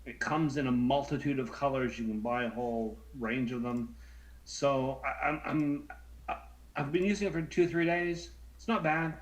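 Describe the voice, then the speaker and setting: Co-host, a man in his thirties, chatty and animated, repeating himself as he tells a story. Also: medium pitch, normal speed, rough recording. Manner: animated, stammering, acts out voices in anecdotes. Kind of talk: casual storytelling chat.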